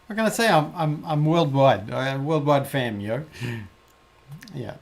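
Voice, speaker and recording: A man co-hosting a casual podcast. He talks haltingly, with many "uh"s and restarts. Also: on the high side. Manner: hesitant, stammering restarts. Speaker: co-host.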